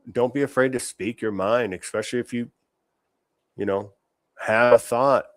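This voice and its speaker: A man's voice: lowish voice, no room sound, studio quality. A man hosting a podcast, giving blunt, profane political commentary. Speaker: podcast host.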